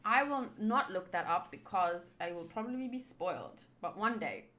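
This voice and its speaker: A woman's voice: mid-range voice, expressive, normal speed, sharp tone. A woman chatting casually and rambling as she comments on a comic readthrough. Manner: rambling, chatty, many fillers. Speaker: YouTuber reading a comic aloud.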